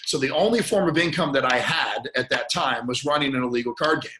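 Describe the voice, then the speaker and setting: With a sharp, mid-range voice moving a little fast, this earnest man shares something painful from his own life on a podcast. He restarts sentences and repeats words, and now and then emotion chokes his voice. An echoey room surrounds the audio.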